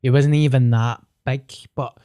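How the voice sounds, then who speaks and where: A man's voice: mid-range voice, fairly even intonation, unhurried, warm tone, dry recording, studio quality. A Scottish man speaking as a podcast guest, earnest and sweary in casual chat. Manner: earnest, sweary, plain-spoken.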